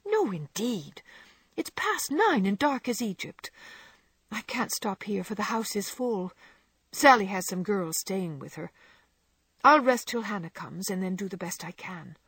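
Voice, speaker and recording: A gentle young older sister with a soft, tired, pleading way of talking, as a woman reads her. The voice is slightly breathy and swings widely in pitch. It sits close and dry in a storybook reading. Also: sing-song, measured pace, no room sound, full character voice. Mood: weary.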